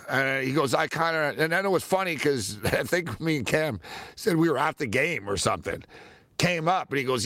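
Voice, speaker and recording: A man hosting a sports talk show, telling stories in a casual, animated way and laughing often. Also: fairly high pitch, a little fast, dry recording. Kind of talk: casual storytelling chat.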